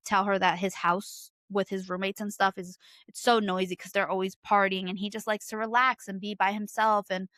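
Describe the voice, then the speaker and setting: A young woman chats through a book review, swearing often and ranting with animated energy. Her voice sits at a middling pitch, and the recording is dry and close, with no room sound. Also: no room sound. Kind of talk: casual book review chat.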